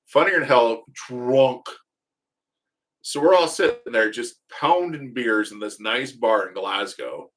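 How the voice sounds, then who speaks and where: Man, livestream host, chatty storyteller, bright tone. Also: medium pitch, slow. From United States. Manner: rambling, profane, joking storyteller.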